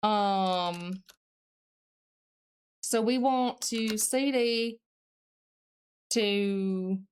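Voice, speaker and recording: A woman's voice: mid-range voice, drawn-out words, clean tone. A woman streamer chatting casually on a live stream, reading chat messages aloud, answering them, and thinking aloud while she studies.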